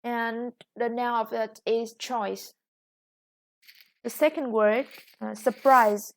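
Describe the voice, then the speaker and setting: A woman's voice: a little high, steady tone, slow. A woman teaching an English vocabulary lesson, patiently explaining words one by one with frequent fillers.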